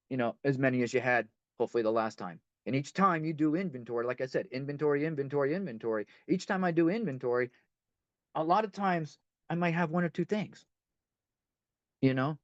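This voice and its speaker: A man's voice: fairly high pitch, no echo. A man leading a recovery step workshop in conversational teaching talk. He repeats himself and speaks straight to the group. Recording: dull lo-fi dry recording.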